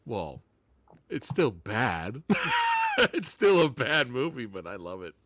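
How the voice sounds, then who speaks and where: A man's voice: mid-range voice, wildly swooping pitch, takes it slowly, fairly bright tone. A man teasing his friends and laughing a lot in a casual video chat.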